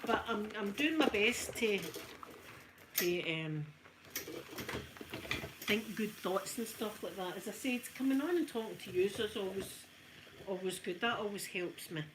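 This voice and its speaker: A Scottish woman chatting casually to her live viewers while ironing, in a soft, emotional, friendly way. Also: mid-range voice, measured pace, pauses often, noisy background. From Scotland. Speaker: ASMR streamer.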